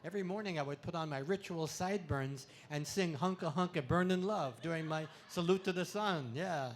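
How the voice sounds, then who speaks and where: A man's voice: a little high, fairly quick, a little hiss or hum. Playful punning male stand-up comic. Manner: punning, playful delivery with sudden loud swells. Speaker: comedian. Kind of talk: stand-up comedy talk. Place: expo stage before a live audience.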